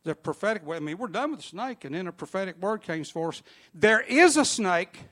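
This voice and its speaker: A man telling an animated, funny story to a church congregation. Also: high-pitched, fast.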